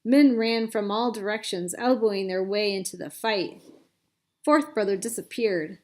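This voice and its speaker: A woman narrating a children's adventure story with clear, expressive reading. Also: mid-range voice, normal speed.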